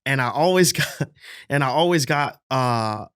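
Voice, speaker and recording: A man's voice: medium pitch, animated, a little slow, fairly bright tone, smooth, no echo, studio quality. A young man from the Bronx, chatting casually as a podcast guest, slangy and profane, often asking "you know what I mean.". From the Bronx, New York. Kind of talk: casual chat. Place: podcast studio.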